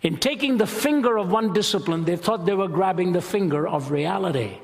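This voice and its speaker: A man preaching a sermon with a dramatic, emphatic delivery and slow stressed phrases. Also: high voice, animated. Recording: long hall reverb.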